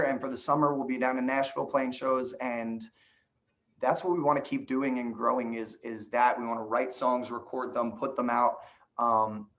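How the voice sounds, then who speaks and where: A man's voice: mid-range voice, a bit bright. Earnest man in his late twenties. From New Jersey. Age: late 20s. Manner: earnest, heartfelt, with filler ums. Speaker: band singer. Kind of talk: casual interview chat.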